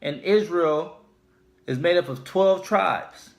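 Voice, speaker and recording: Slow, deliberate man preaching. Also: a little high, vocal fry. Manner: slow, deliberate, repeats key points. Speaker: religious teacher. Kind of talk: informal scripture teaching.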